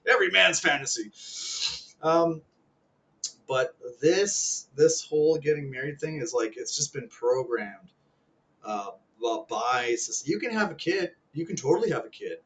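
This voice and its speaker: A man's voice: on the high side, expressive, a little slow, fairly bright tone, poor audio. Profane, rambling man in his thirties. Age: 30s. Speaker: vlogger. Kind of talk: casual rant.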